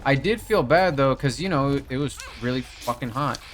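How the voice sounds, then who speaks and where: Casual young guy gaming and chatting, cusses a lot, laughs easy, mid pitch. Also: expressive, normal speed. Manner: rambling, swears a lot, laughs often. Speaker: gaming video host. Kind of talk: casual chat while playing a game. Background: faint game music.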